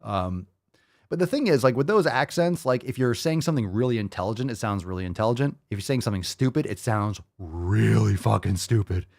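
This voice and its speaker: A podcast host reacting to videos with sarcastic, profane commentary and mocking asides. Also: male voice, on the low side, animated, fairly quick, creaky, darkish tone, no room sound, clean studio sound.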